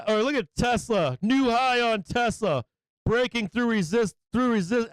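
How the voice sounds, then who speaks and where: A man hosting a live stock market stream, excitable and taunting, repeating his phrases and laughing often. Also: high-pitched, clear, resonant tone, no echo. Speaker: stock market livestream host.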